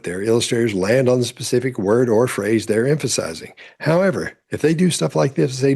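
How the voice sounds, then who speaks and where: Over courtroom footage, a male body language analyst breaks down testimony and teaches as he goes. He speaks at a moderate pace in a mid-range voice that is creaky, a little mellow and edged with breathiness, with lively intonation.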